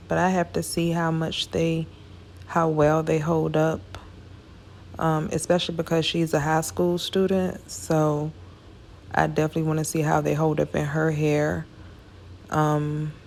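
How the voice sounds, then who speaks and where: A woman's voice: low-pitched, a little mellow, a little hiss or hum. A tired woman giving a casual, chatty hair braiding tutorial, talking her viewers through each step. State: tired, yawning.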